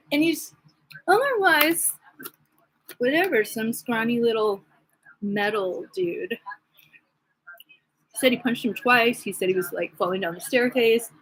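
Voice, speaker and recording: A woman's voice: fairly high pitch, expressive, takes it slowly, long pauses, fairly bright tone, husky, poor audio. A woman vlogging in a rambling, casual monologue, gossipy and agitated, with many fillers.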